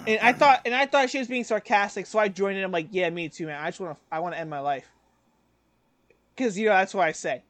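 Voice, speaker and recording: A young man co-hosting a podcast, telling a workplace story in casual chat, lively and acting out what others said. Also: high-pitched, quick pace. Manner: animated, acts out quoted voices, laughs often. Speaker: podcast co-host.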